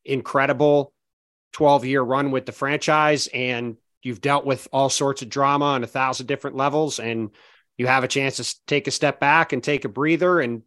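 A man co-hosting a sports podcast, talking through basketball in a measured, analytical way that is full of "I mean" and "look". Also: mid-range voice, fairly even intonation, fairly bright tone, no room sound. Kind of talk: casual basketball chat.

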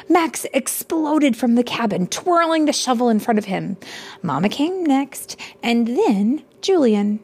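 A woman reading a picture book aloud to children in a soft, hushed voice that often drops to a whisper, stopping to ask her listeners questions. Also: a little high, very animated, measured pace, slightly rough. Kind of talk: soft-spoken storybook reading.

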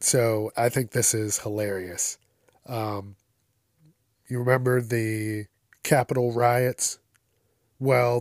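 A man's voice: medium pitch, no echo, studio quality. A man hosting a casual news commentary show, blunt and crude, swearing constantly and ranting in bursts.

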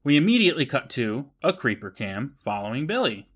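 A man's voice: medium pitch, sing-song, a little fast, breathy edge. A man co-hosting a podcast, retelling a TV episode's plot in casual chat with wry, joking asides. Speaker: podcast co-host.

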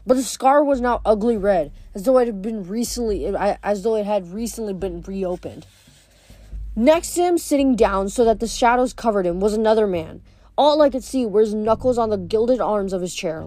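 A woman reads a novel aloud, occasionally stumbling over words and correcting herself. Her voice is medium-pitched and dark in tone, with no echo.

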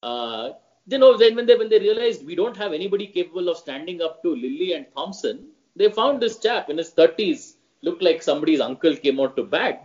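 A man speaking as a podcast guest in a casual cricket chat, animated and prone to repeating himself for emphasis. His voice sits a little high. The audio is dull and lo-fi. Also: fairly quick.

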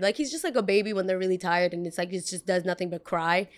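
A young woman telling a story in a casual, slangy, animated way. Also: medium pitch, a little fast, few pauses, no room sound. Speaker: podcast host.

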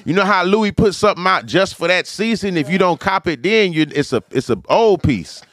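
A man's voice: high voice, lively intonation, a little fast, fairly bright tone. A man co-hosting a podcast, joking and chiming in during a casual chat. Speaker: podcast co-host.

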